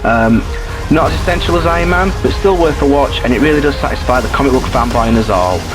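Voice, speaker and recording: A man's voice: a little high, rough recording. A man reviewing films in a casual, blunt and sweary way, with frequent fillers. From United Kingdom. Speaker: film reviewer.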